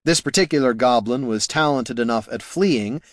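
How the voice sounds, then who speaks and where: A man reads a comic fantasy audiobook in a wry, measured manner. His voice sits at a middle pitch and the recording is close and dry, with no room sound. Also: no room sound. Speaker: narrator. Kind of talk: audiobook narration.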